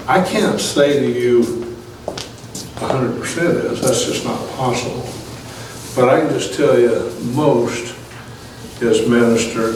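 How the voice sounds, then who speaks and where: A male Bible study teacher preaches his testimony in a loose, conversational way, dotted with fillers and small chuckles. His voice sits at an ordinary middle pitch. He is recorded far from the mic in a very echoey room with a faint hum of ambience behind him. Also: darkish tone. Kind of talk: testimony sermon.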